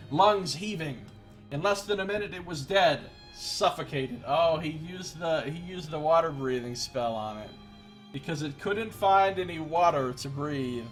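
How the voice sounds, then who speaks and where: A man's voice: a little high, fairly bright tone. A man streaming a game, reading its story aloud with wry asides. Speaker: let's play streamer.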